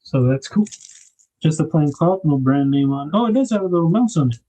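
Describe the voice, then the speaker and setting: A man's voice: fairly high pitch, expressive, brisk, warm tone, rough recording. A man hosting a knife livestream, chatting casually and rambling as he unboxes gear. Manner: laid-back, rambling, thinks aloud with fillers.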